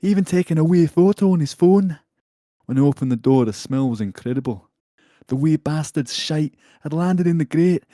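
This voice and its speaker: A man's voice: fairly high pitch, normal speed, no echo, studio quality, voice pushed up, lightly acted. A man putting on a Scottish accent with rolled R's and a wide open mouth, voicing an irate man in his thirties. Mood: indignant. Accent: put-on Scottish with rolled R's. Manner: wide open-mouthed delivery, raised and loud.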